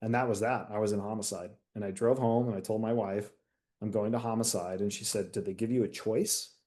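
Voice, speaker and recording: Speaking fairly quickly in a lowish voice, this man is a retired detective sergeant from the United States. In a casual interview he tells a candid story, animatedly acting out each line of quoted dialogue.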